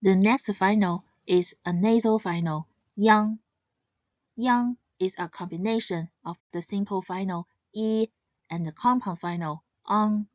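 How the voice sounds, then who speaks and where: A woman teaching pronunciation in a scripted lesson, speaking slowly and carefully and stressing each example sound. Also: medium pitch, darkish tone, no echo, highs cut off. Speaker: language teacher.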